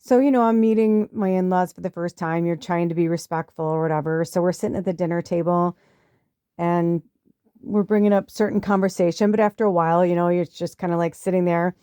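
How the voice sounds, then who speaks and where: A middle-aged woman who hosts a podcast and works as a spiritual medium tells a personal story in a chatty way, swearing now and then and acting out quotes in a higher voice. Her dark, clean voice is fairly even and a little fast, recorded studio quality with no room sound.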